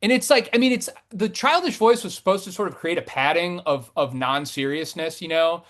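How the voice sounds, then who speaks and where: Thirties man, poet guest, slightly high voice, rambling and chatty with lots of ums. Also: a little fast. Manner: rambling, many fillers and restarts, animated swings in pitch and loudness. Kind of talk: casual conversational interview.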